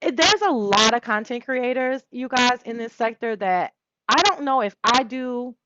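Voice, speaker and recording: A woman hosting her own talk show, chatting casually and breaking into quick impressions of people. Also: fairly high pitch, pushed and bright, no echo, lo-fi sound. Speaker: show host. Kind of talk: casual solo chat.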